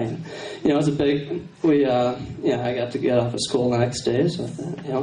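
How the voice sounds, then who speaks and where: A young adult man doing a stand-up routine in a halting, rambling way, full of fillers, on a university stage. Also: mid-range voice, dark tone. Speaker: stand-up comedian. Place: university contest stage, live audience. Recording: echoey hall, distant camera, crowd, noise.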